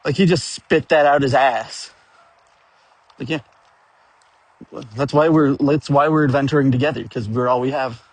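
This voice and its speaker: A man's voice: mid-range voice, steady tone, moderate pace, pauses often, no room sound. A man telling a rambling, profane story about his tabletop game, chuckling now and then as he goes. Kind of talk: rambling casual storytelling rant.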